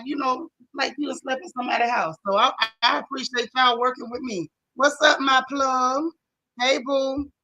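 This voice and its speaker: A woman's voice: high voice, sharp tone, low-quality recording. A woman with a Southern US accent hosting a casual live recap chat, greeting viewers by name and talking with sassy slang. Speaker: show recap host.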